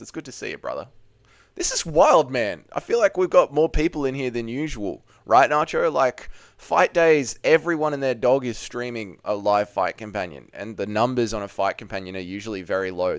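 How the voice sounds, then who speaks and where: Man, livestream host, casual fight watch-along chat, swears freely, reads out chat, lively pitch, dry close sound. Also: dry recording. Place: home, seated at a desk.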